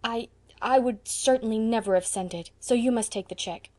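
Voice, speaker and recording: A woman's voice: fairly high pitch, moderate pace, a little mellow, natural voice. A woman reading as an impassioned young college girl. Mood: distressed. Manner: impassioned, tragic. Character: eighteen-year-old college girl, dramatic and idealistic.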